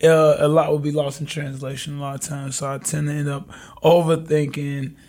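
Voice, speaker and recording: Young guy on a podcast, raspy gravelly voice, laughs a lot telling stories. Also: fairly high pitch, brisk. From Chicago. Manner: laid-back, laughing, animated storytelling. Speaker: podcast guest. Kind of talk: casual conversation.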